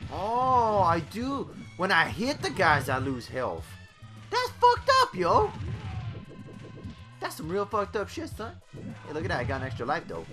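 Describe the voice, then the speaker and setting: A man giving brash, profane let's-play commentary full of excited yelps and outbursts. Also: high-pitched, a little slow, over music. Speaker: gaming YouTuber.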